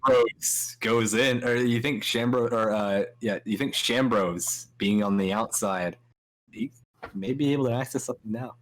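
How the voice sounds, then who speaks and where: A man's voice: mid-range voice, normal speed, slight background noise, rough recording. A man hosting a casual talk show, asking players rambling questions with fillers.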